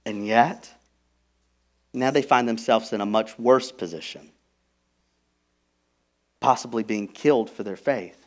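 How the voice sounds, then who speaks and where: A man preaching a sermon as pastor, emphatic, moving from hushed, intimate lines to loud, stressed ones. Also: medium pitch, unhurried, long pauses. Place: church.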